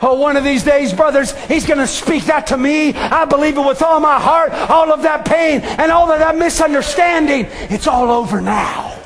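Male preacher, high pitch, fervent sermon delivery with shouted peaks and hushed drops. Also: steady tone, moderate pace, few pauses, slight background noise.

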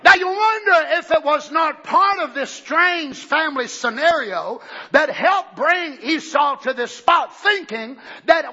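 A man preaching a fiery sermon, shouting fervently and then dropping to low, quiet asides. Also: expressive, measured pace. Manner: shouts fervently, swings between loud bursts and low asides. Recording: dull lo-fi recording.

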